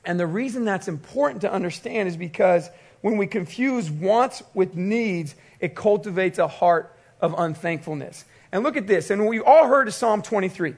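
A man pastor preaching a sermon, telling a personal story with animated storytelling and quoted voices. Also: high voice, normal speed.

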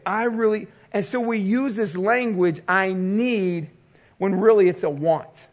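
A man pastor preaching a sermon, telling a personal story with animated storytelling and quoted voices. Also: high-pitched, a little slow.

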